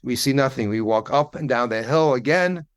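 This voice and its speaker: A man's voice: mid-range voice, normal speed. A man in his sixties, a podcast guest, telling a story in a wry, conversational way and swearing now and then. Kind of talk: casual anecdotal storytelling.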